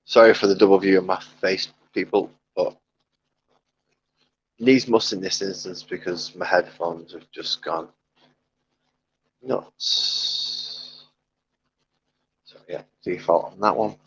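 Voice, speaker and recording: A man with a low, husky voice talks casually on a live stream, rambling and muttering to himself as he works. The sound is dull and lo-fi, picked up by a wired headset. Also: steady tone, slow pace, pauses often. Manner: rambling, mutters to himself while fiddling with kit. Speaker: streamer painting miniatures.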